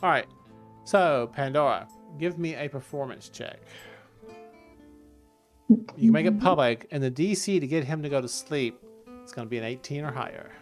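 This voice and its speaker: A man running a fantasy tabletop game narrates the scene and calls for rolls in an easy, amused way. His voice sits a little high for a man, and soft music plays faintly beneath him. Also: normal speed, long pauses. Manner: relaxed and amused, laughing often. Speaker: game master.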